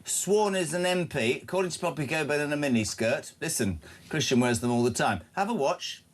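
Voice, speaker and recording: Breakfast radio host, English man, lively, slightly high voice, jokey and mocking. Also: a little fast. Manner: jokey, laughs often, mocking. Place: radio studio.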